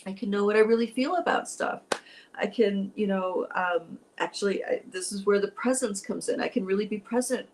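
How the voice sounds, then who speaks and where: A woman's voice: medium pitch, normal speed, a little mellow, slight background noise, poor audio. A middle-aged woman, a spiritual teacher, telling a personal story in an emotional, rambling way that turns teary at moments.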